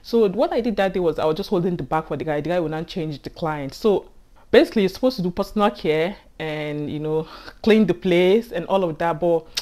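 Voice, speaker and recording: A young woman with a Nigerian accent telling a personal work story to camera in a casual, animated way, laughing often and acting out what others said. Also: lowish voice, brisk. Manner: animated, laughs often, acts out quoted speech. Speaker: healthcare assistant vlogger.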